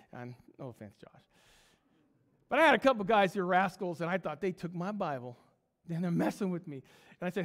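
Animated high-voiced pastor in echoey church. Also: male voice. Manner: animated storyteller, voicing characters with many restarts. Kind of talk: sermon with a storytelling anecdote. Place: small church sanctuary. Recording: long reverb of a church sanctuary.

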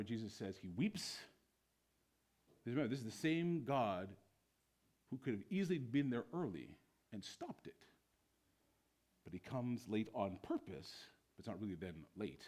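Male pastor, church sermon, husky voice, very lively pitch, loud-to-hushed delivery. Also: normal speed, pauses often. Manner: animated preaching, swings from loud bursts to hushed lines.

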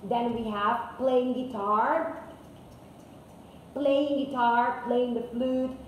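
Slow sing-song woman teacher, echoey. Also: a little high, fairly even intonation, distant mic. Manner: slow, sing-song, repeats words and translates into Spanish. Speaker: English teacher. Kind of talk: children's English lesson. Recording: echoey room with faint hiss.

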